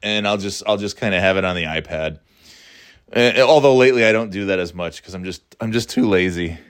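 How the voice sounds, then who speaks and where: A man's voice: deep voice, brisk, clear, resonant tone. A middle-aged man hosting a podcast, rambling in casual chat, swearing and mocking himself. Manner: rambling, profane, self-mocking. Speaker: podcast host.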